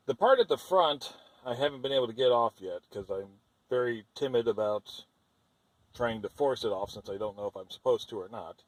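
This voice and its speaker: A man's voice: mid-range voice, low-quality recording. A man talking through a car repair as he works, thinking aloud, hesitant and careful with his warnings, recording from inside the car. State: out of breath. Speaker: DIY car repair vlogger. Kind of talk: casual how-to narration while working.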